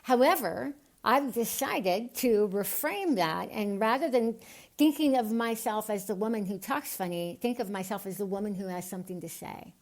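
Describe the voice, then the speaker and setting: A woman from the United States, a podcast guest, speaking with a lisp and an unusual voice altered by tongue surgery, earnest and animated. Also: medium pitch, normal speed. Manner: earnest, animated, gets excited. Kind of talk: podcast interview.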